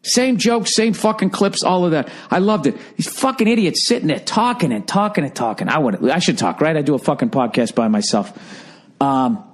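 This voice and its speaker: A man's voice: on the high side, lively intonation, moderate pace. A man in his forties with a Boston accent, hosting a solo podcast in a profane, rambling comedic rant. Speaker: podcast host.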